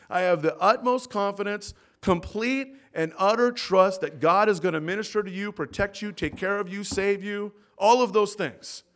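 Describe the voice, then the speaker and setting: A man preaching a sermon as pastor in a church, swinging between loud emphatic peaks and soft low asides. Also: expressive, normal speed, few pauses. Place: church sanctuary.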